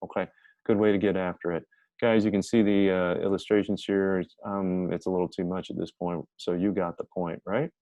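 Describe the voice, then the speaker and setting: A man teaching a casual grammar lesson, talking in a chatty, energetic way and thinking aloud as he goes. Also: deep voice, a little fast, no room sound, poor audio.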